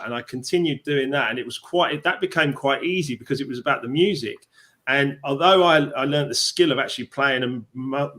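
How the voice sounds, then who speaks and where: A man's voice: mid-range voice, fairly bright tone. A man with a London Cockney accent hosting a live stream chat as a success coach, rambling with many fillers and restarts over a video call.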